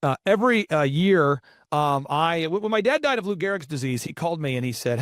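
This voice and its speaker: Man, 40s, podcast host, upbeat storyteller, high-pitched, dry close sound. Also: a little fast, dry recording. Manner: energetic storytelling with many fillers and restarts. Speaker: podcast host and business coach. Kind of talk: motivational business talk.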